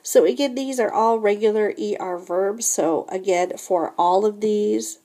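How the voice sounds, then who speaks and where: A woman teaching a recorded French lesson, explaining grammar slowly and patiently, often repeating "remember" and "so again". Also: mid-range voice, mellow.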